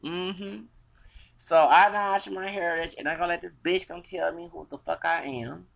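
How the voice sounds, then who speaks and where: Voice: mid-range voice, vocal fry, pushed and bright, rough recording. An American podcast host in their forties, ranting in a profane, confrontational, repetitive way. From United States. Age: 40s.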